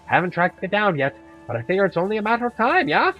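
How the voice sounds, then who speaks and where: A man doing a gruff Irish monster huntress. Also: sits high, big pitch swings, fast talker, bright, forceful tone, highs cut off, faint music behind, full character voice. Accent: put-on Irish, drifting toward Scottish. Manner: gruff, blunt and chatty, with Irish slang. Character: tough middle-aged Irish woman, blunt monster hunter.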